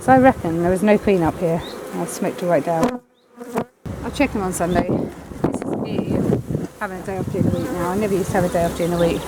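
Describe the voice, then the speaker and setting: A woman's voice: on the low side, fast. Blunt woman beekeeper outdoors. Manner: chatty, blunt, mildly swearing, coaxing the bees. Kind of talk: casual hands-on commentary while working. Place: outdoors at beehives on a windy day. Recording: loud wind and bee buzzing behind.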